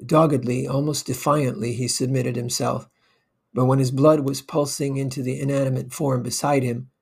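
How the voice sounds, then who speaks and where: A man reading an old short story aloud in a measured, even way. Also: mid-range voice, vocal fry, breathy edge. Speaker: narrator.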